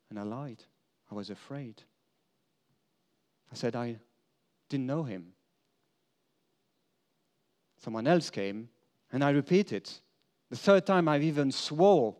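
An earnest man delivers a sermon as a first-person dramatic monologue, speaking as an apostle. His pace is slow and unhurried, and he lets emphatic declarations fall away into quiet, confessional moments. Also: fairly high pitch, animated. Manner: earnest storytelling, swinging between emphatic lines and hushed confession.

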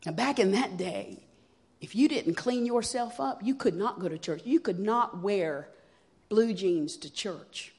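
A woman sharing her personal testimony at a church evening, telling her story with emotion, dropping to a hush and then rising loud as she acts out what people said. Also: medium pitch, lively intonation, a little slow. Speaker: guest speaker sharing a testimony.

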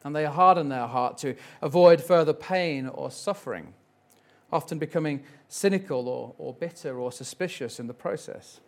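A man giving a sermon in a gentle, reflective way, with light asides. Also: on the high side, moderate pace, vocal fry. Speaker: preacher.

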